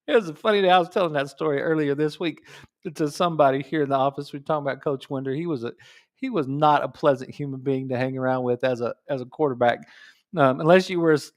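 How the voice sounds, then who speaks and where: A middle-aged man, hosting a live radio talk show from a studio and telling stories in a casual, animated way with frequent laughs. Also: on the high side. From New Mexico. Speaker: radio show host and chiropractor.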